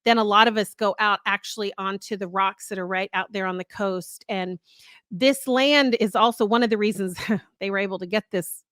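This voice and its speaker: A woman's voice: mid-range voice, steady tone, normal speed, fairly bright tone, dry recording. An earnest middle-aged woman tells a long personal story in casual podcast chat. She rambles and restarts her sentences a lot. Her voice is dry and close, with no room sound. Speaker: podcast co-host.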